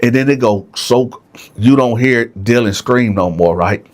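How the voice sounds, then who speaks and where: A man's voice: mid-range voice, unhurried. A man telling a jail story casually, often checking in with the listeners. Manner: conversational, frequent "right?", addresses listeners.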